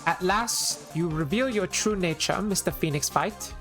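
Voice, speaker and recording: A woman's voice: fairly low pitch, unhurried, fairly bright tone. A woman voicing a stern, haughty young female prosecutor with a German accent, clipped and imperious, with game music underneath. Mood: scornful.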